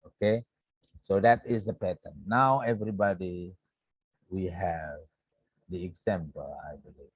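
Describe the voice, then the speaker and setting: A man with an Indonesian accent teaching English grammar in an online lecture. He talks slowly and repeats points, checking in with a frequent "yeah". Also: low voice, steady tone, slightly rough, dry recording.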